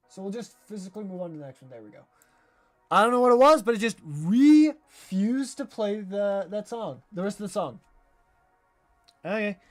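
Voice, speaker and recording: A man with a high, light voice runs a live game stream, chatting to his viewers. He is animated and quick to scold himself. Soft game music plays faintly behind him. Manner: animated, self-critical, talks straight to viewers. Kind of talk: live gameplay stream commentary.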